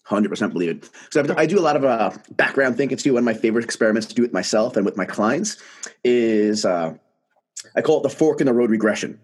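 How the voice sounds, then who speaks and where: A man, a guest telling his story in casual conversation, animated and emphatic. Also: mid-range voice, quick pace.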